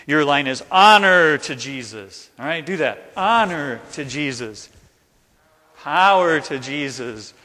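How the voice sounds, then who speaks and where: A pastor leads an interactive chapel talk. He speaks in a slightly high, unhurried voice and animatedly coaxes the listeners to join in. The sound rings with the long reverb of a large chapel. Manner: animated, coaxing, directs listeners to act out the story.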